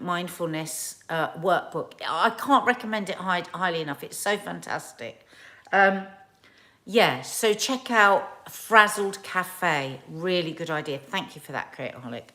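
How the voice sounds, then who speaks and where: A woman in her forties hosts a livestream, chatting casually, rambling, and reading out viewers' comments. Her voice is on the low side, bright and forceful, and she takes her time, peppering her talk with fillers and laughs.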